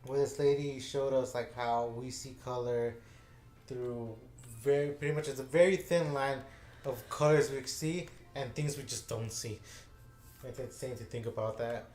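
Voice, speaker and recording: A man's voice: medium pitch, steady tone, normal speed, a little mellow, faint music behind. A man tells a story in a loose, rambling way, stopping and restarting often. His voice sits in the middle range. The room around him rings with echo. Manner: rambling, with many fillers and restarts. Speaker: gaming channel host. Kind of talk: casual storytelling chat. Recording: echoey room.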